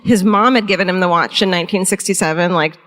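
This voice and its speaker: A woman's voice: lowish voice, quick pace, fairly bright tone, big-room sound. A woman co-hosting a live comedy true-crime podcast, telling the story in a rambling, profane, laughing way. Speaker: podcast co-host. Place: large theatre stage.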